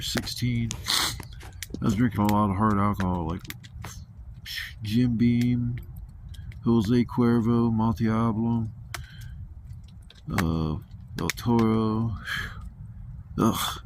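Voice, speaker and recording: A man's voice: on the low side, steady tone, slow, pauses often. A man telling rambling, profane stories in a laid-back, casual way while camping outdoors. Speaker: vlogger. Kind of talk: casual storytelling. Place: outdoors at a campsite. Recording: noisy outdoor ambience.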